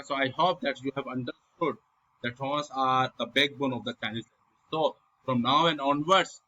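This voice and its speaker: A man's voice: medium pitch, sharp tone, lo-fi sound, a little hiss or hum. A young man teaching a recorded online language lesson over slides, repeating example sounds with exaggerated tones in non-native English phrasing.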